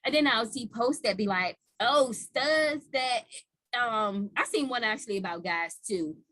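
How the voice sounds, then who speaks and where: Woman, podcast host, casual chat, blunt and profane, bright tone. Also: a little high, measured pace. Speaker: parent.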